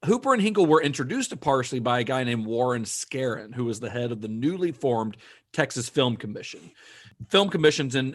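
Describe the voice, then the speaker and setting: A man hosting a podcast, recounting history in a relaxed, conversational way with some fillers. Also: mid-range voice. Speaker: podcast host. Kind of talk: casual chat, recounting history.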